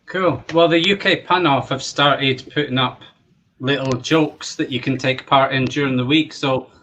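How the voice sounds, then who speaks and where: A man competing in a pun contest, easygoing and low-key as he tells his joke. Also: fairly even intonation, moderate pace, fairly bright tone. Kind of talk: casual chat.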